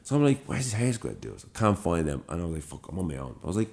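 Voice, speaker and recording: A young man from Ireland with a Dublin accent, co-hosting a podcast and telling an animated, swear-filled story. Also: sits low, fast, gravelly. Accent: Dublin Irish. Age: young adult. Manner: animated storyteller, swears freely, acts out quoted lines. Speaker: podcast co-host. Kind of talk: casual storytelling chat.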